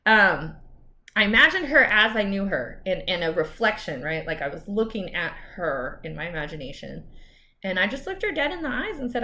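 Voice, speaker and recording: A woman's voice: medium pitch, very animated, moderate pace, bright, forceful tone. A woman lawyer talking candidly to camera in a personal vlog, chatty with asides.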